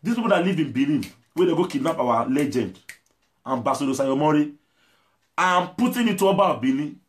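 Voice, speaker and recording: Forceful pleading Nigerian man. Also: a little high, expressive, brisk. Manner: forceful, pleading, mixes in pidgin. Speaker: musician. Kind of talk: impassioned video message.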